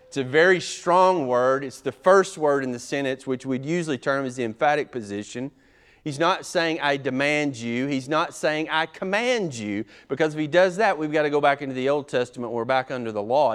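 A pastor preaching an expository sermon, methodical and emphatic, his loudness rising and falling sharply as he drives points home. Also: medium pitch, smooth.

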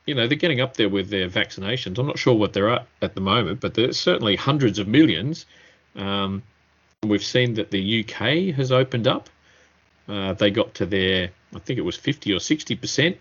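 A man's voice: on the low side, a bit bright, lo-fi sound. A man with an Australian accent hosting a casual podcast chat, rambling and joking with his guests. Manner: jokey, rambling, laughs often. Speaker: podcast host.

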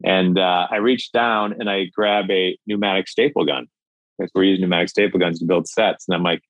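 A man in his fifties from Minnesota, a filmmaker and actor telling a story in a lively, animated way over a video call. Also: deep voice, a little fast, no room sound, low-quality recording. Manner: lively, acts out voices, stammers on restarts.

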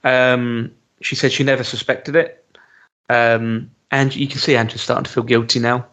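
A man's voice: mid-range voice, flat delivery, normal speed, fairly bright tone. A man co-hosting a podcast, chatting casually and hesitantly with many ums, livening up when he jokes. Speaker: podcast co-host. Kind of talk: casual chat reviewing a TV episode.

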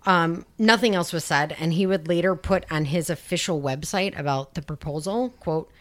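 A woman hosts a podcast, chatting her way through a true-crime case with sarcastic, sweary asides in casual storytelling. Her voice is lowish, at a normal speed, with hardly any pauses.

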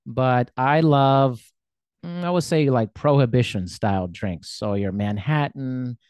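A man's voice: mid-range voice, measured pace, darkish tone, clear, resonant tone, no echo. Casting: male host, casual and rambling, jokes at his own expense, dry and close on the mic. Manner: rambling, self-deprecating, laughs often. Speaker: interviewer. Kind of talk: casual conversational interview.

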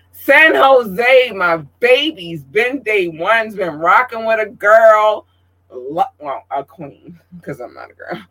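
A man hosts a casual show, reeling off listener shout-outs with playful affection. His voice is bright and forceful, sitting a little higher than most men's. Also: poor audio. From Baltimore, Maryland. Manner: effusive, animated, playful. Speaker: show host.

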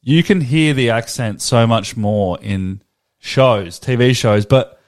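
A man's voice: medium pitch, takes it slowly. An Australian man co-hosting a casual chat, rambling and thinking aloud with lots of filler words. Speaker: podcast co-host.

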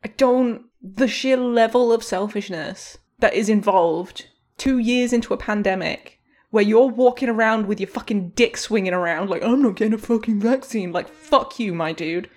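A woman's voice: medium pitch, normal speed, darkish tone. A woman podcast co-host ranting in casual chat, furious and swearing heavily. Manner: furious, heavy swearing rant.

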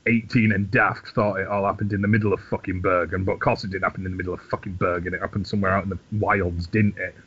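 A man's voice: low-pitched, level tone, quick pace, hardly any pauses, a bit bright, slightly rough. A man co-hosting a podcast, chatting casually in a rambling, sweary, self-mocking way. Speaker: podcast co-host. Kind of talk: casual chat. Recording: dull lo-fi audio.

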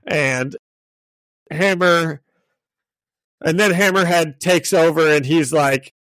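A man's voice: on the high side, slow, a bit bright, no room sound. A man co-hosting a podcast, chatting and laughing as he recaps a comic, often restarting his sentences. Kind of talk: casual chat.

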